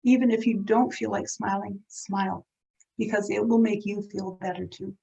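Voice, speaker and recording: Gravelly-voiced woman giving an earnest talk. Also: medium pitch, steady tone, mellow. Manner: earnest, reflective, with pauses and restarts. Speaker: speaker on dementia caregiving. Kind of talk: heartfelt talk to an audience. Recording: dull lo-fi event recording.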